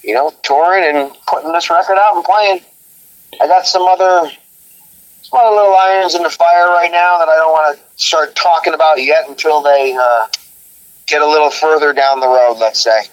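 Man, interview guest, slightly high voice, animated storytelling, dry close sound. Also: normal speed, no room sound, low-quality recording. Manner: animated, acts out quotes, laughs often.

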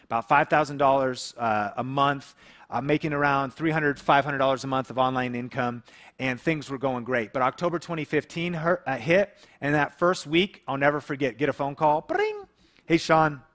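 A man's voice: mid-range voice, steady tone, normal speed, fairly bright tone. A man in his thirties from the Seattle area, a YouTube creator telling a personal story to camera and acting out phone calls. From Seattle area, USA.

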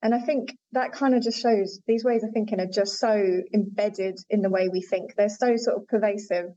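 A woman's voice: mid-range voice, steady tone, normal speed, dark tone. A woman linguistics researcher, a podcast guest, explaining in an articulate, conversational way with frequent fillers. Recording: dull lo-fi audio.

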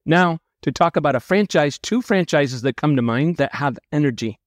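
Brisk, animated male podcast host. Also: a little high, no echo, clean studio sound. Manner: brisk and animated, steers the talk. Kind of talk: podcast discussion.

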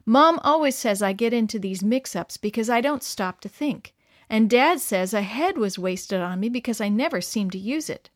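A woman reading a story aloud to children in a cheerful, expressive storybook manner. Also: a little high, normal speed, no echo, clean studio sound.

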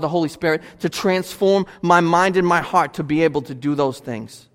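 A man preaching as pastor in a church, pressing his points with emphatic repetition. His voice sits high for a man. Long reverb rings off the sanctuary walls. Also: steady tone, normal speed, hardly any pauses, a bit bright. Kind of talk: sermon.

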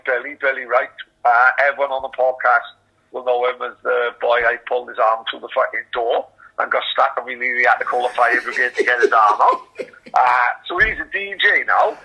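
Sweary, bright-voiced Welsh man. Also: medium pitch, husky, lo-fi sound. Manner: sweary, animated storytelling with lots of laughter. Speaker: podcast co-host. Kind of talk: casual chat.

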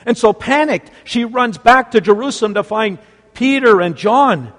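Male preacher, high-voiced, storytelling with sweeping loud-to-hushed dynamics; long reverb of a hall. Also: moderate pace. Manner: sweeping swings between loud exclamation and hushed near-whisper. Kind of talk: dramatic sermon storytelling.

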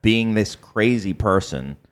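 A man's voice: fairly low pitch, expressive, slow pace. A man hosting a podcast, chatting casually and rambling through a movie recap with frequent laughs. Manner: rambling, laughs often, recaps scenes with quoted lines. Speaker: podcast host.

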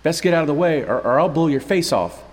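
A man's voice: fairly high pitch, lively intonation, measured pace, darkish tone, long reverb tail, pitched above the performer's own voice. A man voicing a nervous young man holding a gun, who stammers out shaky threats.

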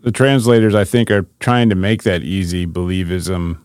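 Deep-voiced man musing over scripture. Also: fairly even intonation, normal speed, darkish tone, clean tone, no room sound, clean studio sound. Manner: thinks aloud, reads scripture passages. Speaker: podcast host. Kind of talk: casual scripture discussion.

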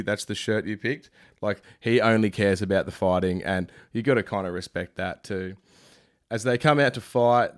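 Irreverent man, low voice. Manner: irreverent, rambling, joking asides. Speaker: fight recap commentator. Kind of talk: comedic sports recap monologue.

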